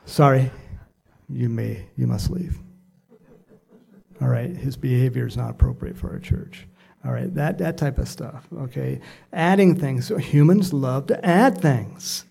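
Middle-aged male pastor, low mellow voice with gravel, rambling conversational sermon delivery. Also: normal speed. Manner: rambling, conversational, self-deprecating asides.

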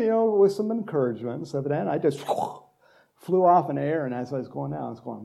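A man's voice: on the high side, animated, a little fast, creaky, warm tone, a little hiss or hum. A middle-aged male pastor from Texas giving a casual, rambling sermon full of stories and laughter.

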